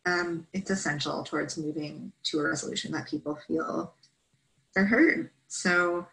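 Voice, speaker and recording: A woman's voice: sits low, fairly even intonation, a little slow, gravelly, sharp tone, rough recording. A woman presenting a training session, explaining steps in an instructive way and checking in with "right?" often.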